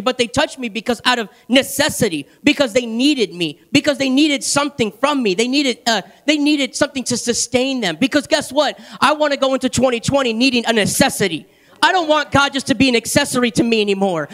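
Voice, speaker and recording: High-voiced man preaching with fervor. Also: fairly bright tone. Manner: impassioned, repetitive, laughing at his own stories. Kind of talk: sermon.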